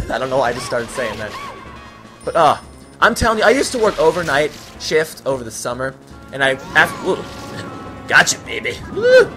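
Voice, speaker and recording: A man's voice: medium pitch, expressive, fairly quick, bright, forceful tone, soft background music. A young man from the US East Coast, hosting a let's play with rambling, jokey, easily sidetracked game commentary.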